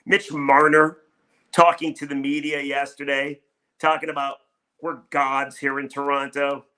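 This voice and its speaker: A man's voice: on the high side, little pitch movement, a little slow, sharp tone. A middle-aged man hosting a solo sports talk show, ranting heatedly about his team between casual chat. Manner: fired-up ranting. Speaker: sports radio host.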